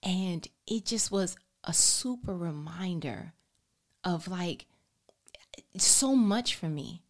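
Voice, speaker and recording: A mother telling a story to her listeners in a casual, animated way, often dropping into a whisper. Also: on the low side, takes it slowly. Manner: animated, expressive, talks directly to listeners.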